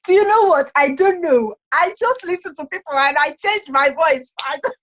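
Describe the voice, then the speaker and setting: Brief: high, animated woman guest, playful and dramatic, slightly muffled recording. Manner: lively, laughs often, theatrical. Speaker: podcast guest, entrepreneur. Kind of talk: casual chat.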